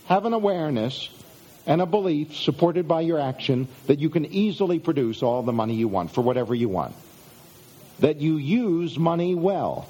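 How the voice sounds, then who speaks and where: A middle-aged man gives a motivational self-help talk in measured phrases, stretching out key words and letting his endings drift downward. His voice is a little high and warm, with a breathy edge.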